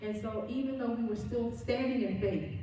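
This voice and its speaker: Female minister, warm low-toned voice, earnest storytelling sermon, recorded from a distance in a church. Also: normal speed, a little hiss or hum. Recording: very echoey room, voice from afar.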